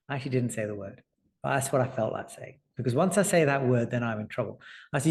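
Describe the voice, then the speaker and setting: A man in his forties talks about his career in surgery and tells stories. He acts out the voices of the people in them and keeps the pace lively. His voice sits at an everyday middle pitch. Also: fairly quick. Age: 40s. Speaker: surgeon and author. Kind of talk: conversational storytelling. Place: lecture hall.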